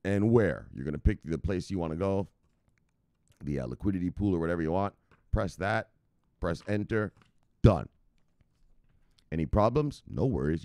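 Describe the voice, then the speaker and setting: Man, crypto news host, lively pitch swings, low voice, slangy casual talk. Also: dry recording, studio quality. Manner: animated, slangy, shouts "bang" during shout-outs; explains step by step with repetitions.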